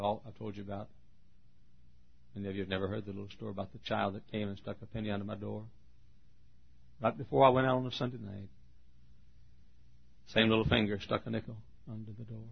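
A man's voice: fairly low pitch, creaky, breathy edge, muffled recording. A man preaching a sermon, telling folksy stories with humor and poking fun at himself. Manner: folksy, humorous, self-mocking storytelling.

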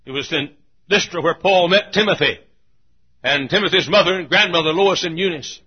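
A husky, fairly high-pitched male preacher delivers a sermon, rising to shouts and then dropping to near-hushed lows. He keeps clearing his throat between phrases. The recording sounds dull and lo-fi, like an old sermon tape. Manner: swings from shouted peaks to hushed, drawn-out lows; frequent throat clearing and coughs.

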